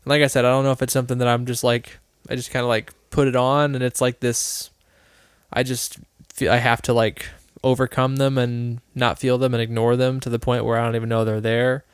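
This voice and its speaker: Man with a smooth voice. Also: mid-range voice, little pitch movement, fairly quick, no echo, clean studio sound. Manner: rambling, many fillers and restarts, thinking aloud. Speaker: podcast co-host. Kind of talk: casual chat.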